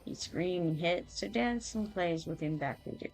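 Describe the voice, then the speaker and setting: A woman's voice: lowish voice, normal speed, a little mellow, soft background music, close to an everyday voice, rough recording. A woman voicing a mischievous little male goblin helper who speaks in broken baby-talk grammar, reading quest dialogue aloud. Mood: impish.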